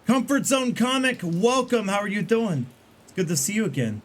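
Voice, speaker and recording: A man's voice: sits high, expressive, normal speed. Chatty man streaming a game. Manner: rambling, chatty, many fillers and restarts. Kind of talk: casual gameplay commentary.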